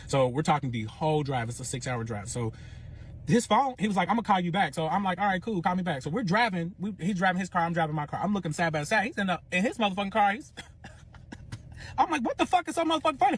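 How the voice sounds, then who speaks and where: Fast-talking profane young man. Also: fairly high pitch, a little hiss or hum. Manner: profane, animated retelling with quoted dialogue. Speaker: storyteller. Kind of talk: casual storytelling.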